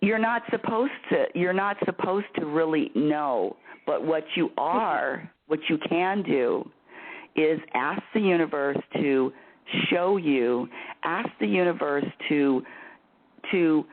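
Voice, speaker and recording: A woman hosts a spiritual call-in talk, her pitch swinging up and down as she goes. She laughs easily and circles back over her words. The sound is thin and phone-like. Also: takes it slowly. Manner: animated, laughing, repeats words. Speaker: spiritual talk show host. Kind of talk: phone-in radio advice chat. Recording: tinny phone line.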